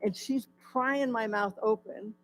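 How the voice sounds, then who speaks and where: A woman's voice: fairly high pitch, takes it slowly, slight background noise, poor audio. A woman giving her personal testimony at a church in a candid, conversational storytelling way. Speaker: guest speaker sharing her testimony.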